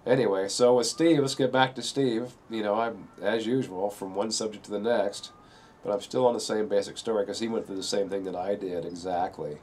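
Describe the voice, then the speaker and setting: A man's voice: fairly low pitch, a little hiss or hum. A middle-aged man telling a painful personal story in a rambling way, often saying "you know" and straining not to break down. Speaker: video speaker sharing a personal story. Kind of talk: emotional personal monologue.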